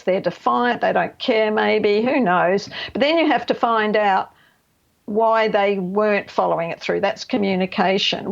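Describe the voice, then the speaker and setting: A middle-aged woman counsellor speaks as a radio guest in a gravelly, creaky voice. She explains things emphatically, often checking in with "right?" and "you know". The audio is slightly dull and lo-fi. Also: medium pitch. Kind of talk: radio interview.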